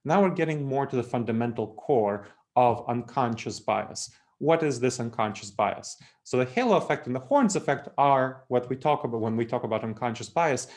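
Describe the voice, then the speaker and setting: A man's voice: medium pitch, lively intonation, normal speed, few pauses, darkish tone. A middle-aged man from New York giving a webinar presentation, lecturing in a chatty way with joking asides and chuckles.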